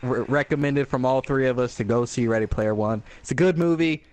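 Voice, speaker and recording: Podcast co-host: man, mid pitch, dry teasing delivery, casual chat. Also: a little fast, a little mellow, no echo.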